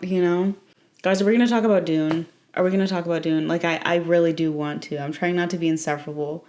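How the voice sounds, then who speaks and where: A woman's voice: lowish voice, quick pace, mellow. A young woman chatting casually in a late-night vlog, rambling and playful, breaking into squeals and laughter. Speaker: vlogger.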